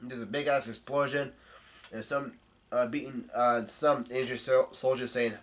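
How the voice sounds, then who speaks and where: A man talks through a comic chapter in a casual, unhurried way. He stops and restarts often and drops an occasional swear word. His voice sits in an ordinary middle pitch. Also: flat delivery, a bit bright. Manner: halting, laid-back, salty language. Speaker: manga chapter reader.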